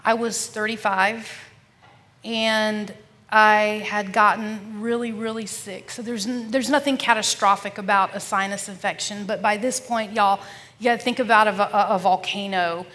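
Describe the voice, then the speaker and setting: A woman's voice: mid-range voice, steady tone, normal speed. Earnest woman sharing her testimony, reverby. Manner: earnest, addresses listeners as y'all; often drops to a soft, hushed voice. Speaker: podcast guest. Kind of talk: personal faith testimony.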